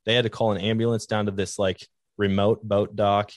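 A man with a low voice hosts a podcast, telling his stories in a casual, meandering way. He leans on "like" as a filler. The sound is dry and close. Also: little pitch movement, fairly quick, no room sound. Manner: rambling anecdotes with many "like" fillers. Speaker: podcast host. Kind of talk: casual storytelling chat.

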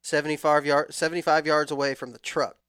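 A man in his thirties telling a long hunting story in a relaxed, rambling way with frequent restarts. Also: on the high side, fast, smooth, no echo, clean studio sound. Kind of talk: casual storytelling chat.

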